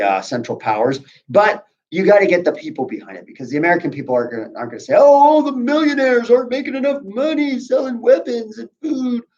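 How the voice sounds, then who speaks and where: A man with a slightly high voice lectures his students on history. He keeps it casual and conversational, tossing in asides. The recording sounds dull and lo-fi. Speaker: history teacher. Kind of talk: classroom lecture.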